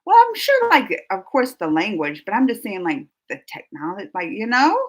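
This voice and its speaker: A woman's voice: mid-range voice, sing-song, moderate pace, breathy edge. A woman from New Orleans with a Southern US accent, chatting casually as she reads her live stream chat aloud, laughing often and trailing off mid-sentence. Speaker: YouTube reaction host reading live chat.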